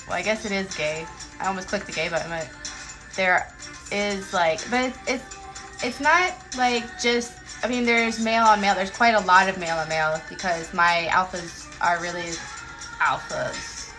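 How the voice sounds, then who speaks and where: A woman's voice: on the low side, steady tone, normal speed, music in the background, poor audio. A woman author chatting casually with viewers on a phone livestream, rambling and giggly, often joking about herself.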